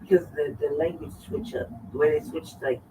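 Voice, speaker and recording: A woman's voice: deep voice, fairly even intonation, brisk, far from the mic, background noise. A woman with a Southern accent, chatting rambling and repetitive on a livestream. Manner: rambling, repeats herself. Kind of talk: casual livestream chat. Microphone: far from the mic.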